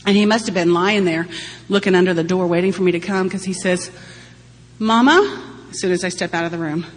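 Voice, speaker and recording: A woman in her forties, voice on the low side and level in tone, talks fast while sharing at a recovery-group meeting. Her testimony is candid and funny, punctuated by laughter, and the room gives long reverb with a faint hum.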